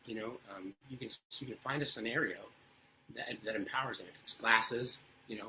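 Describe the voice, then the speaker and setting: A man speaks as an interview guest, sharing stories in an earnest, conversational way. His voice is bright and forceful. He talks at a quick clip and often checks in with rhetorical questions. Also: fairly low pitch, slight background noise, low-quality recording. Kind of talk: casual storytelling interview.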